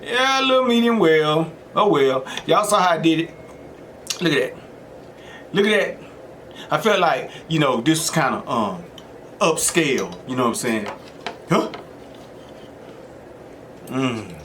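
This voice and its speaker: Man, slangy laid-back vlog chatter, bouncy lively pitch, slightly high voice, faint hum behind. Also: a little slow, long pauses. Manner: laid-back slangy chatter, sing-song hype chants. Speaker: mukbang vlogger. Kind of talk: casual cooking and eating vlog.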